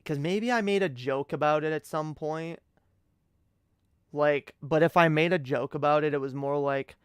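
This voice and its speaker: A young man with a somewhat high, smooth voice rambles through a late-night stream story. He swears freely and keeps tripping into restarts, and the sound is dry and close. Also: moderate pace, no room sound. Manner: rambling, profane, many restarts.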